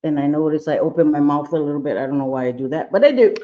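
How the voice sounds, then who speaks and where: A man's voice: a little high, racing, warm tone. Chatty man doing makeup on a lo-fi stream. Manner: chatty, playful, scolds his own eye and brush aloud. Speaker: makeup vlogger. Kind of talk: casual makeup tutorial livestream.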